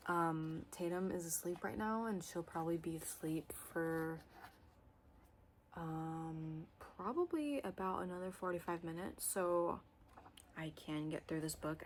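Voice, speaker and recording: A young woman chatting casually to camera about her reading, rambling with lots of fillers and excited bursts. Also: on the low side, a little hiss or hum. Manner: expressive, swings into loud excited bursts. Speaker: book vlogger.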